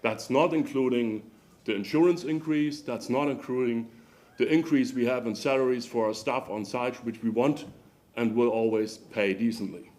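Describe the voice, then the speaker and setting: A man from Germany with a German accent speaking as a landlord at a council meeting, halting and hesitant with many fillers and non-native phrasing, into a podium microphone. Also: medium pitch, a little mellow. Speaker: landlord giving public comment. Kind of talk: unscripted public comment. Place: city council chamber.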